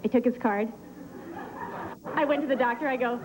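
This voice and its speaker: A woman performing a stand-up comedy set, delivering deadpan one-liners with pauses for laughs on a club stage. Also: a little high, very noisy. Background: audience laughter.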